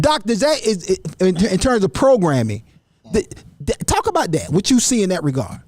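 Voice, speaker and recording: A man with a high, very lively voice hosts a casual panel talk, swooping up and down as he riffs and repeats himself. His voice sits close and dry on the mic, with no room sound around it. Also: normal speed, dry recording. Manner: animated, repeats words, acts out others' voices. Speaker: talk show host.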